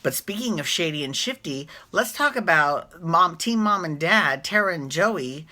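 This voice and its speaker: Low-pitched, bright-voiced chatty woman vlogger. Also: normal speed. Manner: rambling, self-correcting, animated asides. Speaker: recap vlogger. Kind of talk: casual chatty TV recap.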